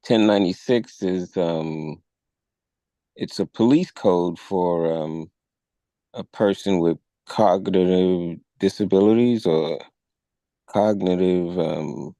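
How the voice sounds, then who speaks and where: A man co-hosting a talk show, recounting a news event in a measured, storytelling way. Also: sits low, mellow, dry recording. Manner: measured storytelling, acts out quoted officers with raised voice. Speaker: podcast co-host. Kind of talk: conversational retelling of a news story.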